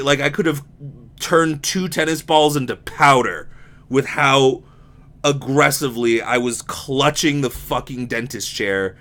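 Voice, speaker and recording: Young man, slight lisp, sore mouth, rambling casual podcast monologue, candid and sweary, mid-pitched voice. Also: measured pace, bright, forceful tone. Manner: rambling, candid, swears freely, restarts often. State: sore mouth from impacted wisdom teeth. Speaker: podcast host.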